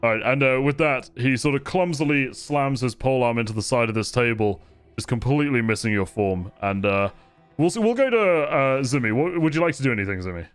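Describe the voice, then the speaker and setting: A man running a tabletop game as game master, narrating combat vividly and at an unhurried pace. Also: medium pitch, lively intonation, clean tone, faint music behind.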